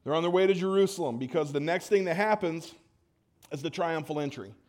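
A man's voice: fairly high pitch, fairly quick. A man preaching a casual sermon at a church service, joking with the crowd and restarting his sentences as he goes. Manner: energetic, joking, audience call-and-response; conversational with frequent restarts.

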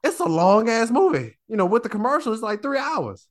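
A man co-hosting a podcast in casual chat, animated and profane, stammering and restarting as he talks. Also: very high-pitched, brisk. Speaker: podcast co-host.

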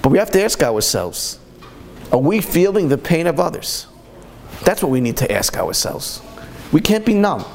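A man's voice: on the high side, big pitch swings, normal speed, gravelly, a little mellow, slight background noise. A man giving a storytelling sermon as a Torah speaker, impassioned and full of repeated rhetorical questions.

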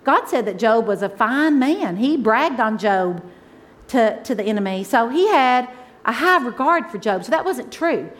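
High-voiced woman preaching warmly. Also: expressive, measured pace. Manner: emotional, conversational preaching, swings from loud exclaims to soft asides. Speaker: pastor's wife preaching. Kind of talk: sermon.

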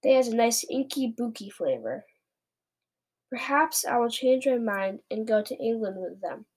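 A woman reading aloud and voicing a huge, greedy, man-eating male giant who talks loudly and sneers. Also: on the high side, expressive, normal speed, breathy edge. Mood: bullying. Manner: loud, sneering and bullying.

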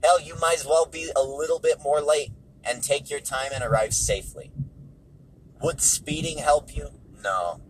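A man's voice: a little high, moderate pace, a little hiss or hum, low-quality recording. A man giving casual spoken commentary on movies while driving, repeating his points for emphasis. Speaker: movie reviewer. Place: car on the road.

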